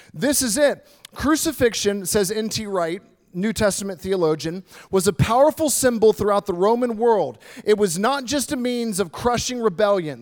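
A male pastor preaching a sermon in a conversational, animated way, reading and explaining scripture. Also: high-pitched.

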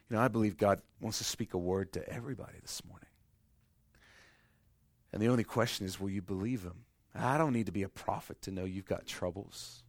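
A man preaching a sermon with passion, repeating his phrases, swinging from loud to hushed and acting out voices in his story. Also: on the low side, fairly quick, dry recording. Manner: repeats phrases, acts out voices of God and people. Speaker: pastor.

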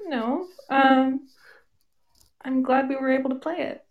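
A woman with a high voice speaking softly and modestly in casual chat. Her first language is Finnish, and she answers plainly and briefly. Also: steady tone, a little slow, muffled recording.

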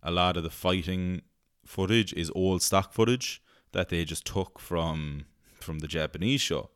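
A man's voice: sits low, a little slow, clear, resonant tone, no echo, clean studio sound. A male podcast host rambling in casual chat, laughing easily and swearing freely.

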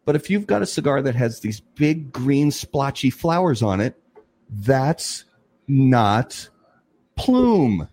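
A man co-hosting a casual talk show, explaining at length in an emphatic, animated way with frequent restarts. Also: medium pitch, normal speed, few pauses, husky. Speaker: podcast co-host. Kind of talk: casual chat.

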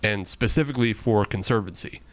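A man's voice: lowish voice, a little fast, no room sound. A man hosting a casual beer-tasting podcast, joking and laughing often as he talks. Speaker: podcast host.

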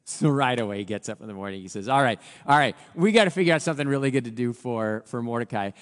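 Animated male pastor in an echoing hall. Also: mid-range voice, fast talker, few pauses. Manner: animated retelling that acts out the characters' lines. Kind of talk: storytelling sermon.

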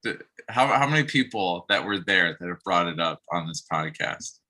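A man with a bright, somewhat low voice talks earnestly in casual podcast chat. He fills his sentences with "like" and "you know" as he tells a story. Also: lively intonation, normal speed, poor audio. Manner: earnest, uses many fillers. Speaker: podcast co-host, campus minister.

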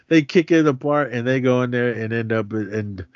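A man's voice: medium pitch, measured pace, no room sound, highs cut off. A man co-hosting a podcast, casually recapping a film scene by scene and acting out the characters' lines as he goes. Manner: animated retelling, voicing characters' lines. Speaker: podcast co-host.

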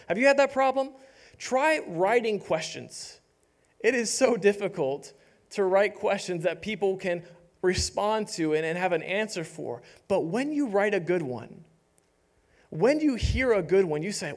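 Young guy preaching, kinda high voice, animated, plays out the story voices for laughs. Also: normal speed. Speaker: pastor. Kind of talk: sermon.

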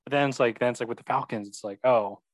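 A man's voice: mid-range voice, quick pace, no room sound, rough recording. A young man chatting about football, agreeable and hesitant, full of ums and yeahs. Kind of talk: casual sports chat.

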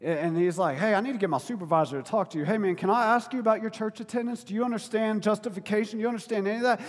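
A man with a high voice delivers a sermon in a big church hall, where a long reverb trails after his words. He preaches in a conversational, informal way, moving between quiet reflection and loud, emphatic appeals. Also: very fast, few pauses. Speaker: pastor.

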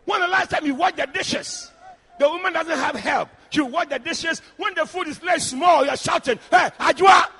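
A man preaching a sermon in church, shouting and calling out to the congregation. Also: extremely high pitch, moderate pace. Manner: shouting, animated, addressing the congregation directly.

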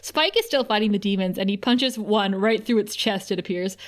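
A woman's voice: medium pitch, normal speed. A woman co-hosting a podcast, casually recapping TV scenes with quoted lines and frequent laughter. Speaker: podcast co-host.

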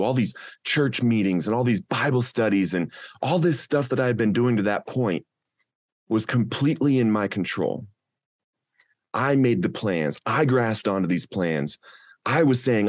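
Man, lowish voice, earnest personal testimony, dry close recording. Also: dry recording. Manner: earnest, emotional storytelling. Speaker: speaker sharing a recovery testimony.

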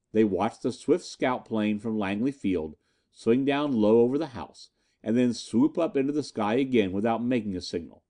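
A man narrating a pulp adventure story as an audiobook reading, with lively storytelling. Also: mid-range voice, moderate pace.

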